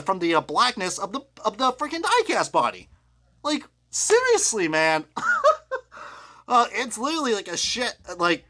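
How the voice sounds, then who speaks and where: A young man ranting live about his collection, excitable and foul-mouthed. His voice swings widely up and down and has a bright, forceful edge. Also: a little high. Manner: excitable and profane, with loud laughing outbursts. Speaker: diecast reviewer. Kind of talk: live rant review.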